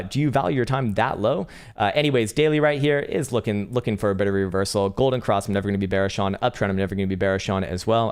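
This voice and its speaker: A man's voice: lowish voice, clean tone. A young man hosting a casual crypto trading livestream, rambling and swearing, laughing often and breaking into mock outbursts at his chat. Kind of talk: casual live-stream chart commentary.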